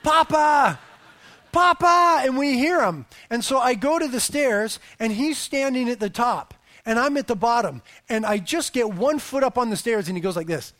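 A man in his thirties, a pastor preaching a sermon and telling family stories in an animated way, his voice swelling for emphasis. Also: very high-pitched, normal speed, hardly any pauses.

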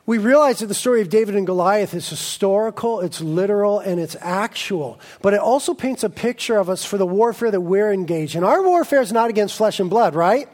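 A man preaching a sermon as pastor, energetic and jokey, telling stories with animated asides. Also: high-pitched.

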